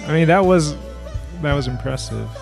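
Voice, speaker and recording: A man's voice: a little high, creaky, music in the background. A man co-hosting a podcast, chatting casually about singers, often restarting his sentences with filler words. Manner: talks in quick bursts with many fillers and restarts. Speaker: podcast co-host. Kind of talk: casual chat.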